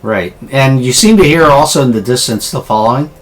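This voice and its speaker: A man's voice: medium pitch, lively intonation, fairly quick, a little hiss or hum. A man running a tabletop game as game master, describing scenes with frequent restarts.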